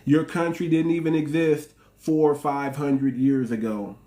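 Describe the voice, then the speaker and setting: A man's voice: fairly high pitch, fairly even intonation, measured pace, dark tone. A man with an African American English accent, hosting his own channel and delivering a heated, repetitive, mocking commentary rant. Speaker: channel host.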